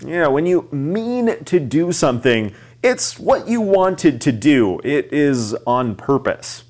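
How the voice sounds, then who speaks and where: A man's voice: fairly high pitch, big pitch swings, slow, a little mellow. A man co-hosting an English lesson, explaining words and talking to listeners as friends. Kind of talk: teaching English with a storybook.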